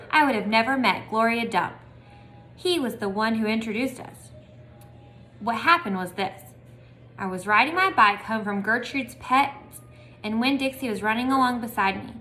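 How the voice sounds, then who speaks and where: Bright woman reading a storybook aloud. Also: a little high, slight background noise. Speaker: storybook reader. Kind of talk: casual read-aloud storytelling.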